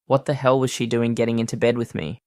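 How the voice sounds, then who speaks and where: A man doing a flat, uneasy hired staffer. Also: mid-range voice, fast talker, dry recording, clean studio sound, voice pushed up, lightly acted. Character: nervous male hired staffer on a royal tour.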